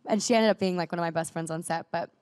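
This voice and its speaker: Her voice sits on the low side and is a little mellow, recorded at studio quality with no echo. The young woman is an actress guest in a casual interview chat, bubbly and quick to restart, using "like" a lot and still coughing after being ill recently.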